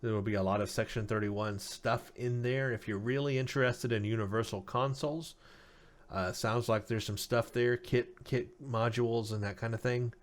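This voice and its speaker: A man's voice: mid-range voice, fairly even intonation, moderate pace. A man hosting a casual game news update who sounds tired and says he is losing his voice, talking with many ums and uhs as he reads out stats. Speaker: gaming news host.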